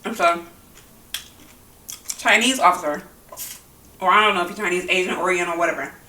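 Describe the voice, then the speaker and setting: A woman ranting while she eats on camera, blunt and heated, with plenty of cursing. Her voice is bright and sharp. She sits some way from the mic, and the room rings with echo. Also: fairly low pitch, brisk, distant mic, slight background noise. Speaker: mukbang vlogger. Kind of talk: angry opinion talk while eating.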